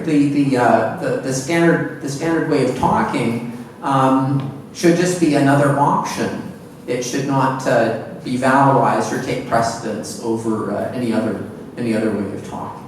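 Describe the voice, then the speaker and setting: Man answering in an echoey hall. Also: medium pitch. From Edmonton, Canada. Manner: reflective, repeats words as he searches for phrasing. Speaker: translator and professor. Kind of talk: panel discussion answer. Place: lecture hall at a seminar. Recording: echoey hall, distant mic, faint noise.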